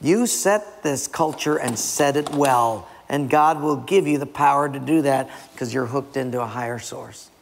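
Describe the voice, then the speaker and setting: A man's voice: mid-range voice, unhurried, vocal fry, hardly any pauses, slight background noise. A man preaching a sermon, emphatic and direct with his listeners. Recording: long reverb in a large hall.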